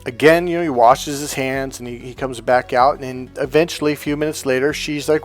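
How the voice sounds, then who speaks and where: A man's voice: mid-range voice, steady tone, brisk, hardly any pauses, soft background music. A man and dating coach telling a casual anecdote in a rambling, profane way, with many restarts.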